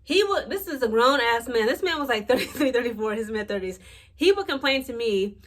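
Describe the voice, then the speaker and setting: A woman's voice: on the high side, expressive, brisk. Blunt, exasperated young woman ranting. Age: late 20s. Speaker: vlogger. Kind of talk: casual storytelling rant.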